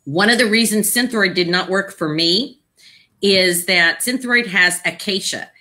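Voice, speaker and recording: A woman guest on a live video Q&A, explaining health topics in a casual, informative way while she keeps clearing her throat and coughing. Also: medium pitch, a little slow, bright, forceful tone. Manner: explanatory, informative, with many fillers. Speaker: guest thyroid patient advocate.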